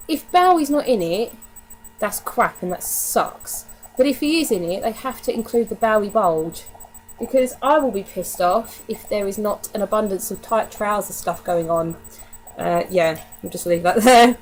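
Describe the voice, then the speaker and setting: A woman's voice: a little high, a little mellow, a little hiss or hum, rough recording. A woman chatting casually to camera in a DVD haul vlog, candid and given to casual swearing. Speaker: vlogger.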